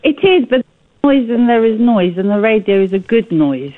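A caller heard over a thin, tinny phone line, talking at a middling pitch. They sound chatty and earnest and laugh easily. The voice comes through narrow and lo-fi. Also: animated, normal speed. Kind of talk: phone-in call to a radio show.

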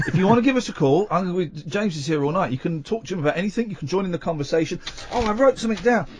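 A man's voice: high-pitched, animated, rapid-fire, slight background noise. A man, hosting late-night talk radio from a studio, playful and teasing as he rambles. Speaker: radio host.

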